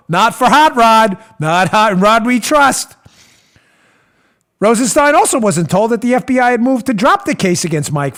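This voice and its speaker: A man hosting a political talk show, speaking in a sarcastic, animated, mocking manner from a studio. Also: sits high. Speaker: host.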